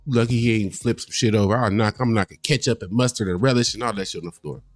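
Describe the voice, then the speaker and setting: A low-voiced man hosts a livestream and reacts to clips in a casual, profane rant. His delivery is animated and heated. The sound is close and dry, with faint music underneath. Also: fast talker, no room sound.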